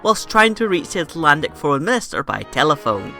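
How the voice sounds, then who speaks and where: A woman's voice: sits low, sing-song, a little fast, gravelly, sharp tone, soft background music. A woman telling a history story in a sarcastic, irreverent comedic style. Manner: sarcastic, irreverent, swears casually.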